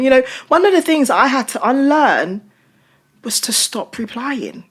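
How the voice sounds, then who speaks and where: A woman's voice: high-pitched, big pitch swings, a little slow, slightly rough. A woman pastor from Britain in casual chat, telling stories emphatically and expressively. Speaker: pastor and guest.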